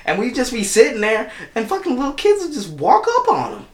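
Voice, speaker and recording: A young man in casual chat, telling stories excitedly with lots of swearing and restarts. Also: extremely high pitch, brisk. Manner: profane, excitable storyteller with many restarts. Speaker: podcast co-host. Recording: echoey room.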